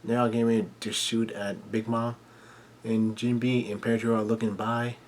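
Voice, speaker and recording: A man with a medium pitch and level tone casually recaps a manga chapter, with a little hiss or hum in the audio. He halts often with fillers and restarts and is blunt enough to swear when surprised.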